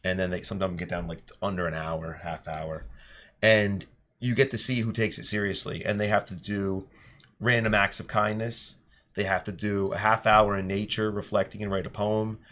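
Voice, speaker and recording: A man and teacher telling classroom stories in an earnest, animated podcast chat. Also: fairly low pitch, moderate pace. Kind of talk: casual storytelling chat.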